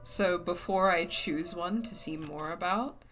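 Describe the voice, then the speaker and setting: A woman's voice: fairly low pitch, unhurried, fairly bright tone, soft background music. A young woman streaming a game, chatting bluntly and casually with some swearing. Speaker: let's play streamer. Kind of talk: casual gameplay commentary.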